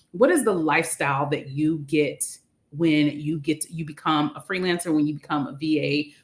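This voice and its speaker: A bubbly woman with a slightly low voice runs a live stream over a video call setup. She talks quickly and brightly, now and then stumbling over a phrase and laughing it off. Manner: bubbly, animated, trips over words. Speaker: livestream host. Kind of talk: upbeat live stream chat.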